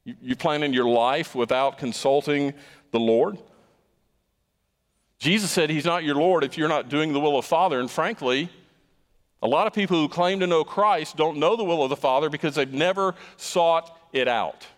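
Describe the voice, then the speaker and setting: A man's voice: on the high side, normal speed, long reverb tail. A man preaching a sermon as pastor, emphatic and stressing points by repeating words.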